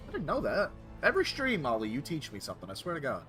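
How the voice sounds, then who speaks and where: A man's voice: fairly high pitch, huge pitch swings, fast talker, few pauses, bright, forceful tone, soft background music. A man streaming a game, chatting casually with his viewers, correcting himself and reacting to their comments.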